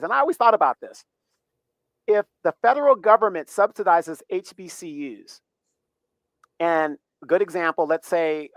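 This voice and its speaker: A man's voice: fairly high pitch, fairly bright tone, no room sound, poor audio. Emphatic man on a dry mic. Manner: rambling, emphatic, rising to heated questions. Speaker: livestream host. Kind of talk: casual commentary.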